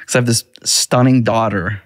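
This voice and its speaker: A man in his thirties hosting a podcast, chatting casually and acting out quotes in a raised, lively voice. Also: mid-range voice, moderate pace, no echo, studio quality. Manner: animated storyteller, acts out quotes in a raised voice. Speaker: podcast host. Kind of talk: casual chat.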